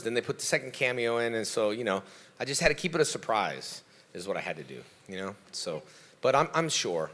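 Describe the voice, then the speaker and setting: As a guest on a convention panel, a man with a bright, forceful, lowish voice answers fan questions fairly quickly. A karate teacher, he gives motivational advice about self-belief and slips into animated voices whenever he quotes someone.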